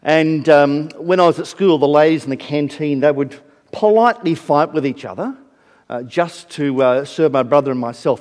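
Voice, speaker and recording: A man's voice: a little high, darkish tone, long reverb tail. A man from Scotland with a Scottish accent, preaching a sermon in a conversational, storytelling way. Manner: conversational storytelling, self-deprecating. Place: church.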